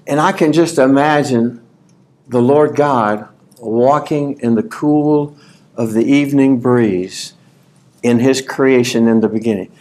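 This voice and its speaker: A man preaching a sermon at a conference, folksy and animated, reading scripture aloud and rising to shouts. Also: mid-range voice, measured pace. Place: conference hall.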